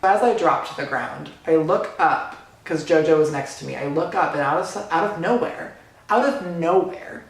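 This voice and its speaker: A young man vlogger excitedly retelling a fan encounter story, gushing and breathless, full of fillers. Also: a little high, moderate pace, gravelly. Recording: very echoey room.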